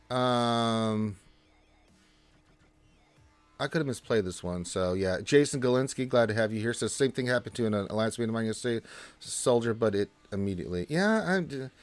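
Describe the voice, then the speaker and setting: Man host on a live stream, mid-pitched, dry close mic, easygoing and chatty, greets chat with a lift. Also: clear, resonant tone, dry recording. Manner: loose and chatty, with restarts and jumps up in pitch when greeting viewers. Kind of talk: casual gaming stream chat.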